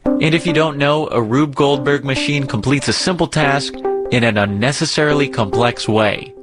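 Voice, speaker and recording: Man, podcast co-host, middle pitch, casual upbeat scripted narration, music behind. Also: normal speed.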